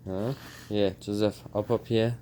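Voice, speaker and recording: A woman's voice: a bass voice, steady tone, unhurried, warm tone, a little hiss or hum. A woman at home talking to her pet birds in coaxing baby talk, chatting casually with her partner. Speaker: pet bird owner.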